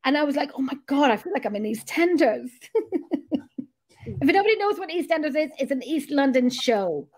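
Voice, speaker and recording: Irish woman, southern accent, podcast co-host, high voice, loose and laughing. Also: big pitch swings, normal speed. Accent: Irish, from the south (Drogheda area). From Ireland. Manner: chatty, laughing, swears casually. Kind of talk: casual chat.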